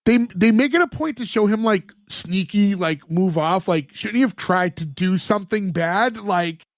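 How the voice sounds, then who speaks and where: High-voiced man recapping a sitcom episode. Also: lively intonation, moderate pace, no echo, studio quality. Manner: retells scenes at length, heavy use of "like" as a filler. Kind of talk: casual chat.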